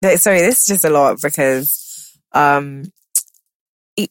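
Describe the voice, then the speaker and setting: Emotional, halting young woman podcast host. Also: low-pitched, no room sound. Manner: emotional, halting restarts, animated quoting. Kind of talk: casual heartfelt chat.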